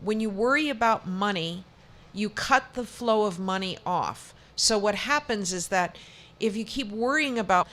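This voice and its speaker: Woman psychic, mid-pitched, chatty, reassuring tarot reader. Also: expressive, a bit bright. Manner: chatty and reassuring, quick restarts. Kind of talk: tarot reading on a talk show.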